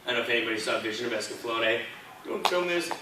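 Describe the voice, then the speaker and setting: Racing along with lively intonation, a medium-pitched man swaps anecdotes as a convention panel guest. Captured from the audience in an echoey hall at a distance, the audio carries background noise.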